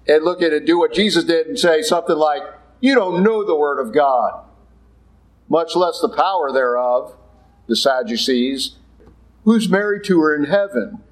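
Male priest, higher register, conversational sermon, blunt asides, acts out quotes. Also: expressive, normal speed, poor audio. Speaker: Catholic priest.

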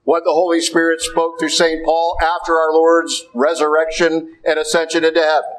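A man's voice: fairly high pitch, completely flat delivery, normal speed, low-quality recording. A middle-aged man giving a sermon as a priest, emphatic and conversational, answering his own rhetorical questions. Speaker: Catholic priest.

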